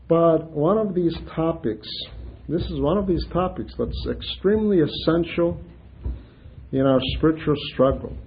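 A man preaching a sermon, telling humorous stories in an animated way and laughing at his own anecdotes. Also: fairly high pitch, muffled recording.

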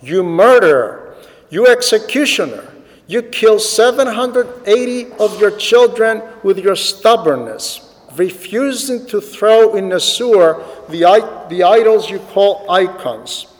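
A man voicing a cruel, raging male emperor who shouts threats. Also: high-pitched, expressive, unhurried, big-room sound, voice pushed up. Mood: furious.

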